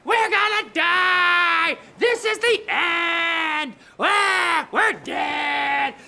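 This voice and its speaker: A woman voicing a group of panicky male fishermen caught in a storm, shouting frantically. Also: extremely high pitch, extremely slow, gravelly, a faint crowd, pitched above the performer's own voice, exaggerated voice. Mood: panicked.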